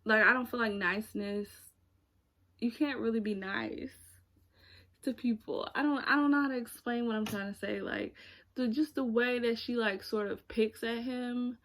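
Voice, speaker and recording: A woman's voice: fairly high pitch, steady tone, normal speed, fairly bright tone. Rambling young woman chatting about movies. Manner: rambling, searching for words, frequent fillers. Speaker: YouTuber reviewing movies. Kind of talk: casual chat.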